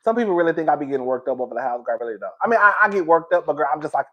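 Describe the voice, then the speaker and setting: Animated, dramatic man hosting a livestream. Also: on the high side, very fast. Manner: dramatic, laughing, slangy. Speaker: livestream host. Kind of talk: casual live-stream chat.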